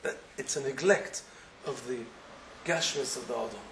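A man's voice: mid-range voice, moderate pace, a bit bright, roomy sound, slight background noise, poor audio. A man giving a sermon as a rabbi, with an impassioned manner that builds into emphatic questioning.

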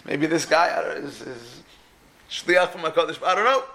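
A man giving a sermon, telling stories with lively energy and acting out the people in them. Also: fairly high pitch, moderate pace, creaky. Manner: animated storyteller who acts out the people in his stories. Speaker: speaker giving a religious talk. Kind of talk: sermon with storytelling.

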